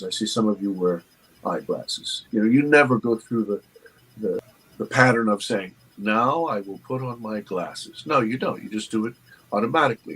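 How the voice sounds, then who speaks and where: A man, an interview guest, earnestly telling a personal story with halting restarts. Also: medium pitch, a bit bright, a little hiss or hum, rough recording. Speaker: interview guest, documentary producer.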